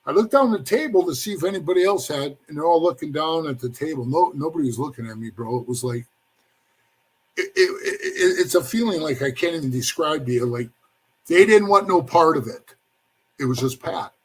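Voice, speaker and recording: Husky, higher-voiced man spinning a rambling story. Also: animated, a little fast. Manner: rambling, says "bro" often, acts out quoted voices. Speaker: former motorcycle club member telling his story. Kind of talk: casual storytelling interview.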